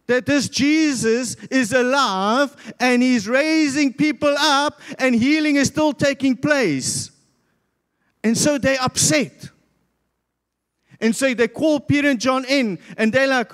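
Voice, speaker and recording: A man's voice: extremely high pitch, slow, fairly bright tone. A South African man preaching a sermon as pastor, telling a Bible story and acting out the crowd's voices. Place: church hall. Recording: long church hall reverb.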